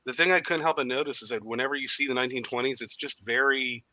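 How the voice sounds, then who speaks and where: A man's voice: medium pitch, steady tone, fast, pushed and bright, rough recording. A man who has written a book, chatting as a podcast guest over a video call, rambling with plenty of fillers. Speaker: author and guest. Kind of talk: casual chat.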